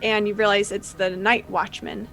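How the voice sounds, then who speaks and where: A woman running a tabletop game as game master, narrating in a relaxed way with many fillers. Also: medium pitch, normal speed, faint music behind, rough recording.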